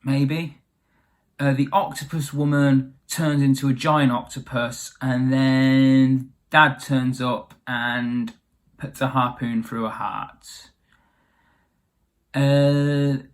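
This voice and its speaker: Wry rambling male storyteller. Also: medium pitch. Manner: rambling, wry, full of asides and fillers. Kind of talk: comic retelling of a fairy tale.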